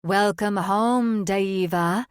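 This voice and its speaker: A woman voicing menacing hooded demon cultists in an audiobook, slow and sibilant. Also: medium pitch, clear, resonant tone, no room sound, clean studio sound.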